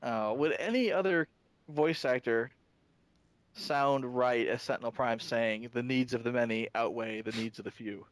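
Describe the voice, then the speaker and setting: A man co-hosting a casual fan discussion podcast, talking in halting bursts full of restarts and fillers. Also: mid-range voice, dry recording. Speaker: podcast co-host.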